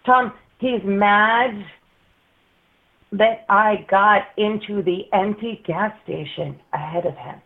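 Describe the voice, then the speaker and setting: Woman guest telling a story by phone, expressive and laughing, tinny line. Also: medium pitch, slow pace. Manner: animated, acts out quoted voices, laughs often. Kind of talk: casual storytelling chat. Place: Massachusetts.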